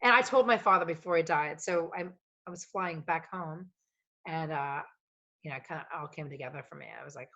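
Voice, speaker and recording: A woman with a notably low voice tells long personal stories with animated, emotional energy. She swears freely and rambles from one thought to the next. The tone is relaxed and conversational, like a podcast chat. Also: brisk. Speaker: podcast guest, coach. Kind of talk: casual storytelling conversation.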